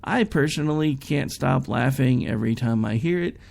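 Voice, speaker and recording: A man's voice: mid-range voice, moderate pace, gravelly, a little mellow. A man hosting a talk radio show, chatting casually in a rambling, folksy, self-deprecating way.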